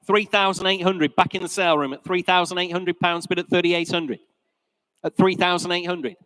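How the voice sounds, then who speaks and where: A man working as auctioneer at a live car sale, calling bids in a brisk, rhythmic patter in a sale room. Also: high-pitched, fairly bright tone, clean tone. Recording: reverberant hall.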